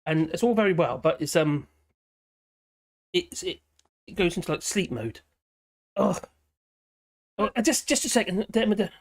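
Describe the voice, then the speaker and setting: A hoarse man runs a casual live stream. His voice sits fairly high and swoops about, with frequent giggles and cheeky asides. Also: big pitch swings, a little slow, long pauses. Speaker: livestream host. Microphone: headphones with a small speaker.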